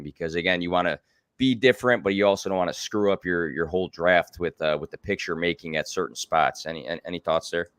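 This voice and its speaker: A man's voice: sits low, quick pace, fairly bright tone, clean tone, dry recording. A man hosting a live stream, asking long questions in casual chat and often stammering over repeated words. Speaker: host.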